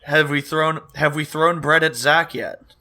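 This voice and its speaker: Laid-back male co-host, wry, bright forward voice. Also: a little high, steady tone, a little slow. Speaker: podcast co-host. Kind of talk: casual podcast chat.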